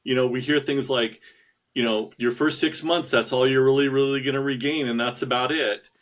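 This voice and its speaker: A man's voice: medium pitch, steady tone, normal speed, fairly bright tone. Sincere, determined man guest. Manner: sincere, determined, with slight restarts. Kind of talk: interview storytelling.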